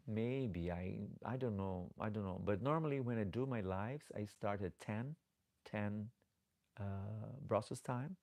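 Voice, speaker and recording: Slow, gravelly-voiced man chatting on a live stream. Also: on the low side, darkish tone. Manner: chatty and affectionate, calls viewers darlings; halting, repeats and restarts words. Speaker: drag performer hosting a live stream. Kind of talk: casual live-stream chat, reading viewer comments aloud.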